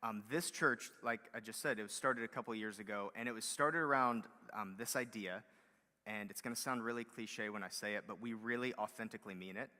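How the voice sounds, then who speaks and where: A male pastor gives a sermon in a loose, conversational way, dotted with fillers and rising into emphatic stretches. His voice is bright and forceful. The sound carries a long hall reverb. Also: lowish voice, fairly quick. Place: church hall.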